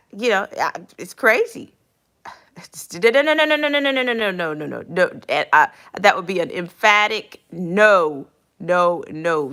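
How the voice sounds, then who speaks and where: A woman's voice: fairly low pitch, bright, forceful tone. A woman in her fifties hosting a casual live stream, reading viewer comments aloud, chuckling often and repeating phrases for emphasis. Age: 50s.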